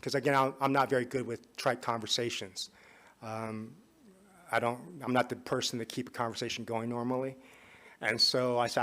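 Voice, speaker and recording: A man speaking at a conference, telling a personal story in a relaxed, conversational way. His voice sits at an ordinary middle pitch. Now and then it drops to a quiet, confiding tone. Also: fairly quick. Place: conference hall.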